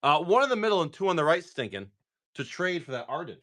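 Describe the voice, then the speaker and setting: A man's voice: on the high side, very animated, fast talker, a bit bright. A man hosting a live card-break stream, chatting casually and rambling, with frequent restarts.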